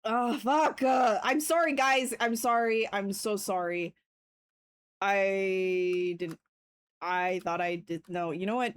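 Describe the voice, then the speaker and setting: A woman chatting casually on a live stream, excitable and swearing freely, bursting into yells and then apologizing. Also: medium pitch, slow pace, clear, resonant tone. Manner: swears freely, playful trash talk. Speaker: livestreamer sculpting on stream.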